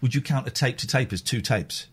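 A man hosts a radio phone-in and teases his callers in quick-witted, playful banter. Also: mid-range voice, breathy edge.

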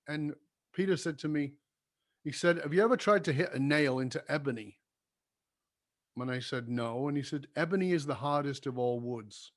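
Fairly high-voiced storytelling man. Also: normal speed, pauses often. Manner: animated storyteller who acts out quoted voices. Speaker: former seminar company owner. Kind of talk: casual conversation.

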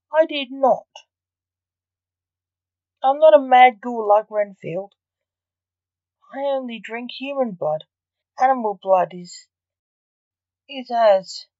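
A woman's voice: a little high, darkish tone, no echo, lo-fi sound, voice pushed up. A woman voicing a defensive male vampire magician who protests indignantly, in a storybook reading.

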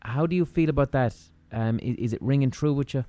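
A male podcast host working through a long, curious question and thinking aloud as he goes. His voice has a mid-range pitch for a man with a mellow, warm tone. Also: fairly quick, no room sound. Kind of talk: conversational interview questions.

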